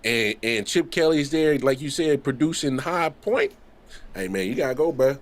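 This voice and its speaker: A man co-hosting a sports podcast, talking in a casual, slangy, animated way. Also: medium pitch, unhurried. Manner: animated, slangy, laughs and acts out voices. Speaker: podcast co-host.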